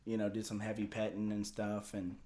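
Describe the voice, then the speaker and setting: A man's voice: fairly low pitch, completely flat delivery, brisk, mellow. A man casually telling a long story as a podcast host, rambling and profane, with lots of filler words.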